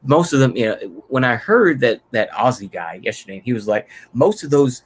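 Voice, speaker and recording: A man's voice: medium pitch, sing-song, normal speed, breathy edge. A man from Texas giving unscripted solo political commentary, rambling and profane, with many fillers and restarts.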